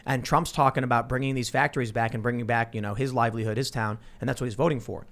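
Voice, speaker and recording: A man hosting a political talk show, telling stories in an animated, self-interrupting way. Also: medium pitch, fast. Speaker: podcast host.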